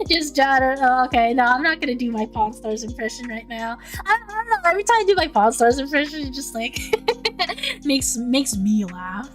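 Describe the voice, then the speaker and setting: A woman's voice: high-pitched, a bit bright. A young woman streaming casual chat, stumbling over and repeating her words and laughing often. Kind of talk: casual chat, reading out chat messages.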